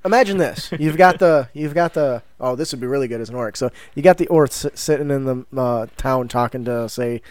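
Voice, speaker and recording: A man co-hosting a tabletop gaming podcast in casual chat, animated and laughing, slipping into quick character voices. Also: medium pitch, dry recording. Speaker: podcast co-host.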